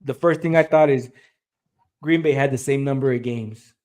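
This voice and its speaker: A man's voice: mid-range voice, normal speed, darkish tone. A man on a sports talk show, frustrated and rambling, full of fillers.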